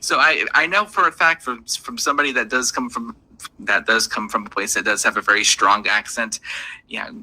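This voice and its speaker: A man reacts to a clip in casual commentary, amused and sarcastic. His tone is very bright and sharp. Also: mid-range voice, steady tone, moderate pace, low-quality recording. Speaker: commentary streamer.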